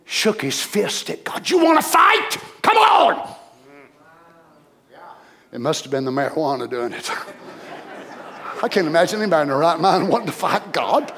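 A man preaching a sermon, dropping to low murmurs and rising to loud shouts. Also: expressive, moderate pace.

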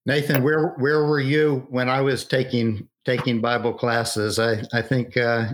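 A man hosting an interview, asking long, halting questions with many pauses. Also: medium pitch, level tone. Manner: hesitant, many fillers. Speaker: interview host. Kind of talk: conversational interview.

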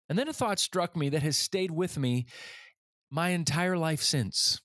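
A man's voice: on the high side, lively intonation, measured pace, a bit bright, no room sound, studio quality. A man in his forties hosting a leadership podcast, telling a personal story in an earnest way and getting livelier when he acts out other people. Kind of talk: storytelling monologue.

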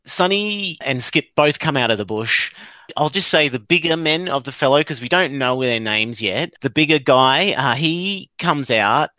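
A man's voice: mid-range voice, expressive, normal speed, bright, forceful tone, no room sound. A man hosts a casual chat, recapping an episode in a rambling way and chuckling as he goes. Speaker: podcast host.

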